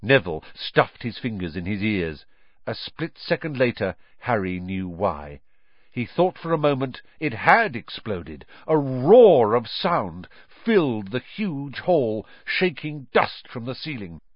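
A man reading a children's novel aloud as audiobook narrator, with expressive storytelling. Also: mid-range voice, a little slow, dry recording. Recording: dry, dull lo-fi recording.

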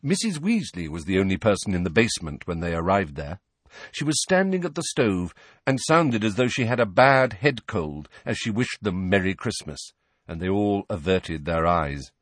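A man narrates a fantasy audiobook in a low, husky voice, his reading rising and falling expressively with big pitch swings at a moderate pace. He's close to the mic in a dry space with no echo.

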